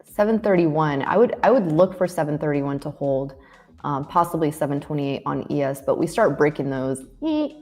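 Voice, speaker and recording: A woman co-hosting a live trading stream, chatty and quick to laugh, thinking aloud with fillers. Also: deep voice, dark tone, faint music behind. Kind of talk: casual live-stream chat about futures trading.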